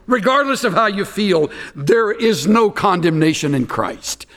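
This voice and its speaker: An older man preaching a sermon, telling stories and swinging from hushed asides to shouted emphasis. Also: high-pitched, animated, a little slow. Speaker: pastor. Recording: long hall reverb.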